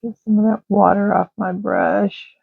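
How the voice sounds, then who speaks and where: A woman's voice: mid-range voice, steady tone, a little slow, creaky, breathy edge, no room sound. A woman, chatting and rambling casually while she colors, sometimes drifting into murmurs. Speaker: art channel host. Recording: tinny phone-like dry sound.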